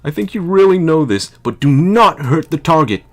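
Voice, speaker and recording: A man's voice: fairly high pitch, lively intonation, normal speed, voice pushed up. A man voicing a nerdy young male tech advisor who gives earnest instructions over a codec radio in a video game. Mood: earnest instructing.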